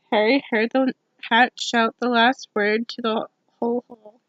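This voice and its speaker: Bright-voiced woman reading an ASMR story. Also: a little high, level tone, measured pace, dry recording, highs cut off. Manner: casual asides between read passages. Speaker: storybook reader.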